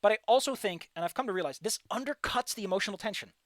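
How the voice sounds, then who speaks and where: A man streaming a game, giving casual, animated commentary and ranting with frequent swearing. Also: high-pitched, fast, no echo, clean studio sound. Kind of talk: casual let's-play commentary.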